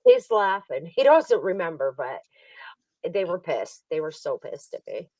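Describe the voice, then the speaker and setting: Animated woman telling a story, distant mic. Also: deep voice, a little slow, no echo. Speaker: livestream host. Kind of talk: casual storytelling chat.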